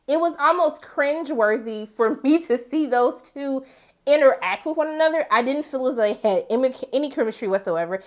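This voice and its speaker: A young woman reviewing a TV series in a casual, chatty way, with expressive, animated asides. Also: high voice, moderate pace.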